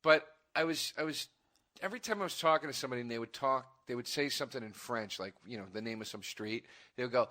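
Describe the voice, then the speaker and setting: A man's voice: mid-range voice, lively intonation, fast, sharp tone. A man guesting on a casual comedy chat, telling profane, annoyed stories. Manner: profane, storytelling, easily annoyed.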